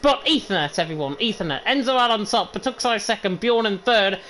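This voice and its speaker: A man giving rapid, excited play-by-play commentary on an online racing league. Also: extremely high pitch. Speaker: lead commentator.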